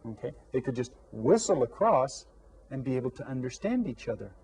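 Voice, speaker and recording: A man teaching a children's Spanish lesson, speaking slowly and clearly and asking questions, then pausing for the kids to answer. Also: mid-range voice, big pitch swings, darkish tone, a little hiss or hum, poor audio. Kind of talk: scripted classroom lesson for children.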